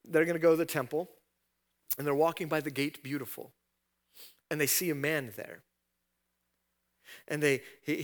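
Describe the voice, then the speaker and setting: Bright, forceful male pastor preaching. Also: on the high side. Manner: emphatic preaching, rising to loud repeated questions; retells scripture scenes in a storytelling voice. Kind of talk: sermon.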